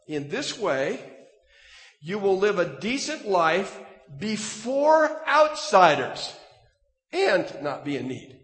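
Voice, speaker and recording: Male pastor, sermon delivery, emphatic swells, higher voice, roomy echo. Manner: animated preaching, voice rising to emphatic peaks. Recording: echoey hall, reverberant room.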